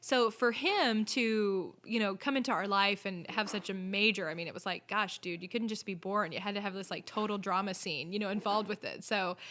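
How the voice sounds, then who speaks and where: A woman's voice: medium pitch, normal speed, hardly any pauses, a bit bright, a little hiss or hum. A middle-aged woman, a podcast guest, telling her story in a chatty, upbeat way. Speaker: podcast guest, inn owner and corporate chef. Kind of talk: casual interview chat.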